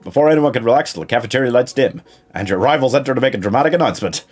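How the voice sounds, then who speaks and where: A man streaming a game, reading the story aloud in an animated, playful way. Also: mid-range voice, rapid-fire, slightly rough, faint music behind.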